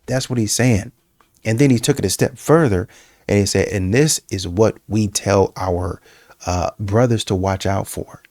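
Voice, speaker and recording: A man's voice: lowish voice, a little slow, no room sound, studio quality. A man giving casual reaction commentary, repetitive and emphatic, with many fillers and restarts. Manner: breaks into mocking, animated quoting.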